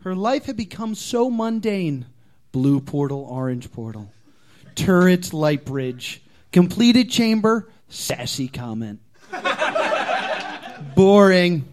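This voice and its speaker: A man reads his own comic fan fiction to a live comedy crowd, playing up the drama. His voice runs high and swings widely, rising and dropping for effect. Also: sing-song, slow, long pauses, darkish tone, a little hiss or hum.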